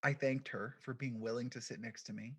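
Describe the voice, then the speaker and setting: A middle-pitched man, a podcast founder, tells his own story as a keynote talk in a quiet, reflective way. His steady, slightly rough voice uses deliberate pauses between phrases, and his sentences trail off into short fragments.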